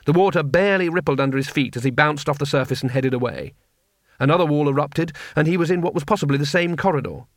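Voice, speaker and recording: A man narrating a comic fantasy audiobook in a wry, brisk storytelling manner. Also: on the high side, fairly bright tone, dry recording, clean studio sound. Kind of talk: scripted narration.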